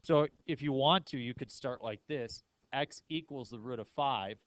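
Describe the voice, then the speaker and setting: A man's voice: medium pitch, moderate pace, no room sound, poor audio. Casual, joking man teaching math. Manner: casual, joking, asks the class questions. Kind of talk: classroom lecture.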